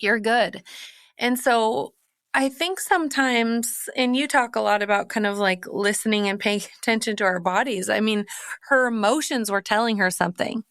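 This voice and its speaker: Woman, podcast host, conversational storyteller, gravelly fry, smooth resonant tone. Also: fairly high pitch, normal speed, fairly bright tone, no room sound, clean studio sound. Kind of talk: podcast interview.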